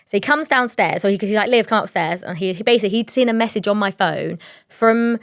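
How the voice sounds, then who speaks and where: A young woman co-hosting a podcast, telling a story in a rambling, animated way with lots of fillers. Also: medium pitch, fast talker, dry recording, studio quality. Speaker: podcast co-host. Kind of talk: casual storytelling chat.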